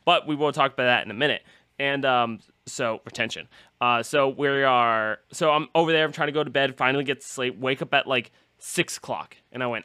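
A man's voice: mid-range voice, brisk, bright, forceful tone, dry recording. A man hosting a podcast, rambling through a story about his busy day and acting out the quotes. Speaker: podcast host. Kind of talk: casual podcast chat.

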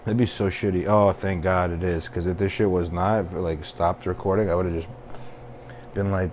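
Young man, deep low voice, rambling profane solo podcast, faint hiss. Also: brisk, darkish tone. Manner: rambling, profane, self-deprecating. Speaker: podcast host. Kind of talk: casual solo podcast venting.

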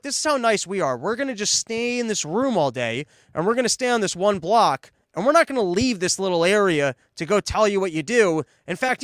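A man's voice: very high voice, fairly bright tone, dry recording, studio quality. A man giving a sarcastic, profane political monologue and mocking others in put-on voices. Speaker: political commentator. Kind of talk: opinionated monologue.

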